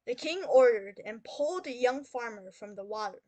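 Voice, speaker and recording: A woman teacher reading a fairy tale aloud for English learners, explaining slowly and clearly. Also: mid-range voice, darkish tone, no echo. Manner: slow, clear, explains then reads aloud. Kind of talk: storybook read-aloud for learners.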